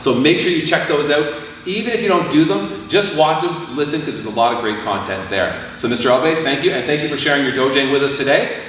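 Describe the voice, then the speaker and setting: A man martial arts instructor leading a class warm-up, calling out counts and commands. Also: mid-range voice, slight background noise. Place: training hall. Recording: echoey hall from far off.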